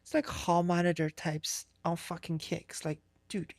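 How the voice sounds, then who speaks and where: A woman's voice: on the low side, normal speed, darkish tone, no echo. Rambling, profane woman streamer. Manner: rambling, profane, many fillers and restarts. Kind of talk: casual live-stream chat.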